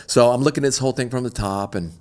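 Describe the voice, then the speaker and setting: A middle-aged man, an extreme athlete guest, telling a story in an animated, slangy, laid-back way. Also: mid-range voice, racing. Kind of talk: casual storytelling interview.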